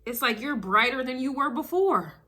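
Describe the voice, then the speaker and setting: A woman's voice: high-pitched, lively intonation, moderate pace, bright, forceful tone. A woman doing a casual spiritual reading to camera, emphatic and driving her points with repeated phrases. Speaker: tarot reader.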